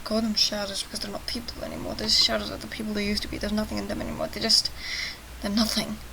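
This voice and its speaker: A woman voicing a brooding, jaded teenage boy survivor in a quiet, flat, gloomy way. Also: mid-range voice, fast, gravelly, noisy background, close to an everyday voice.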